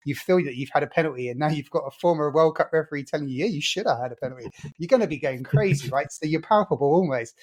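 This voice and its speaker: A man's voice: a little high, fast talker, hardly any pauses, a little mellow. A man co-hosting a casual football podcast, telling stories with enthusiasm. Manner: enthusiastic, storytelling. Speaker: podcast co-host.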